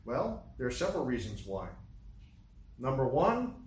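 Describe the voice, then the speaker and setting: A man's voice: medium pitch, big pitch swings, normal speed. A man preaching a sermon, asking rhetorical questions and repeating key lines. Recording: echoey room, distant mic, faint hiss.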